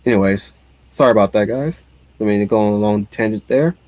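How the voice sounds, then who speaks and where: A man hosts a casual livestream, reading viewer comments aloud and chatting in an animated, rambling way with frequent restarts. His voice is fairly low and brisk, in a dry recording.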